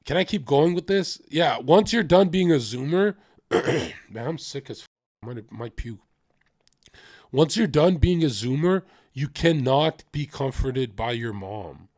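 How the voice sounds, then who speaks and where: A man's voice: fairly high pitch, lively intonation, measured pace, a little mellow, dry recording, clean studio sound. A man in his twenties livestreaming a casual, confessional rant, talking bluntly and swearing freely.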